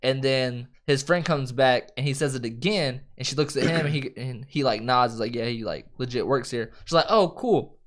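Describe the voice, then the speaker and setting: A man's voice: medium pitch, normal speed, few pauses. A man co-hosting a casual film review chat, retelling scenes with acted-out quotes, swearing and laughing often. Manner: animated retelling, acts out quoted lines.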